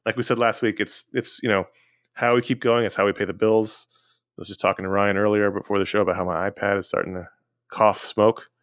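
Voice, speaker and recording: Man, podcast co-host, fairly low voice, dry close sound, chatty plugs. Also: little pitch movement, brisk, no echo. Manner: chatty, reads plugs and listener emails. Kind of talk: casual podcast chat.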